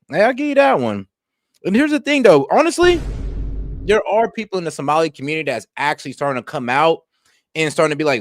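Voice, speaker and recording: Lively, animated man giving blunt commentary. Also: on the high side, fast, no room sound, clean studio sound. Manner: blunt, slangy, talks straight to viewers. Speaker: stream host reacting to news. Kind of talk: casual reaction commentary.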